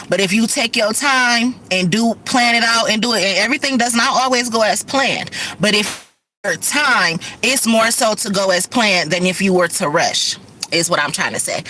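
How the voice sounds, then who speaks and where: Middle-aged woman, rambling casual vlog talk, speeds up and swears freely, bright, forceful tone. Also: medium pitch, a little hiss or hum. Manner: fast-talking, profane, rambling. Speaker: vlogger and rideshare driver. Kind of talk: casual chat to camera.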